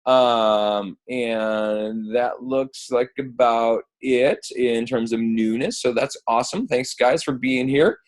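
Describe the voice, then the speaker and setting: A man's voice: mid-range voice, steady tone, takes it slowly, hardly any pauses. A man runs a weekly team call in a loose, joking way. He is geeky and playful, with plenty of ums and uhs, and sounds like he is on a phone line. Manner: playful, geeky, jokey, with many fillers. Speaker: host of a team coaching call. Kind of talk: casual chat.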